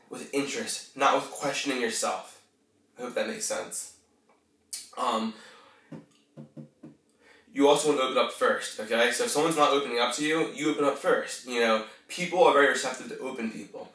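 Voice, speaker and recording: A man's voice: medium pitch, normal speed, pauses often, a bit bright. A man hosting a podcast, talking casually in a coaching tone, swearing now and then and tending to mumble. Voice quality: tends to mumble. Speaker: podcast host. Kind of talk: casual self-help monologue. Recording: roomy, distant from the mic.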